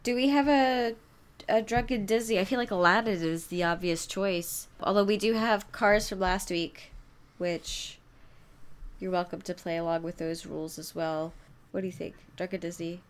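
A woman with a somewhat low voice chats on a podcast in a bubbly way and laughs often. She restarts her sentences as she thinks aloud. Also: fairly even intonation, normal speed, smooth. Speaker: podcast co-host. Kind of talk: casual chat.

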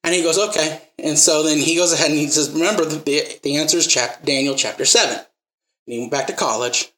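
A man's voice: on the high side, fairly quick, bright, forceful tone, reverberant, low-quality recording. A man preaching a sermon, telling stories and acting out the quotes, then pressing the listeners with emphatic rising questions.

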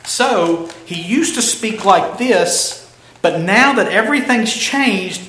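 A man delivers an expository sermon, pressing hard on key phrases and drawing them out slowly. His voice sits a little high and rings bright and forceful. The room echoes around him, with a faint ambience behind. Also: animated, a little hiss or hum. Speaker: pastor.

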